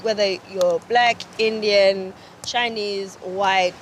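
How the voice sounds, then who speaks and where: A woman's voice: medium pitch, steady tone, slow, a little hiss or hum. A woman co-hosting a travel show outdoors in a seaside village, chatting in a bubbly, teasing way. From South Africa. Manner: bubbly, teasing, laughs often. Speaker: co-host. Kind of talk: casual travel chat.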